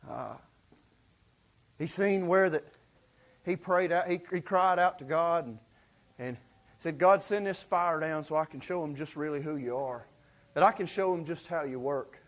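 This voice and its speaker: A man preaches a sermon as folksy, excitable storytelling, full of fillers and acting out the lines of the story's characters. His voice is on the high side, his pace measured, with long pauses.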